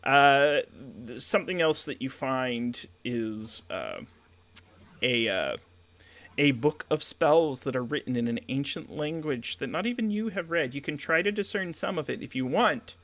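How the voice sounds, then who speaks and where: A man's voice: medium pitch, expressive, unhurried, fairly bright tone. A man running a tabletop game as game master, rambling through descriptions with fillers and jokey asides.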